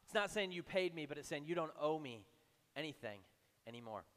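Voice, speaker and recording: High-voiced conversational preacher in a hall. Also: male voice, lively intonation, brisk. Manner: conversational, acts out imagined voices, drops low and soft for emphasis. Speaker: pastor. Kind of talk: sermon.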